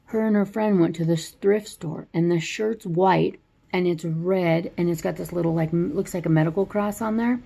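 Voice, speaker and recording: A woman's voice: on the low side, fairly even intonation, normal speed, creaky, warm tone. A woman casually retelling a movie plot in a rambling, chatty way.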